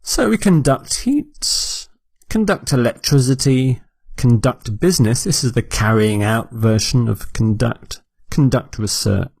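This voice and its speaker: A man teaching vocabulary at an unhurried, measured pace, saying each word twice so learners catch it. His voice sits in a middle range and sounds dry and close, with no room echo. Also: mid-range voice, vocal fry, darkish tone, slightly rough. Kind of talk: slow, deliberate vocabulary lesson.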